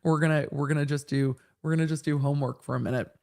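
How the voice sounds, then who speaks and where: A woman's voice: sits low, steady tone, fast talker, gravelly, hardly any pauses, darkish tone. A woman in her forties, a lawyer hosting a livestream, reading viewer comments and explaining legal points casually, with many restarts. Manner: chatty, thinks aloud with restarts and explanations. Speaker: host, lawyer.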